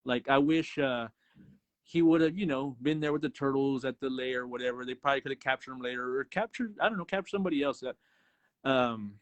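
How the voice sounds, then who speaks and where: A man's voice: mid-range voice, brisk, no room sound. A man co-hosting a movie review show, chatting casually, swearing often and acting out scenes. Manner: profane, animated, acts out scenes. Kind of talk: casual chat.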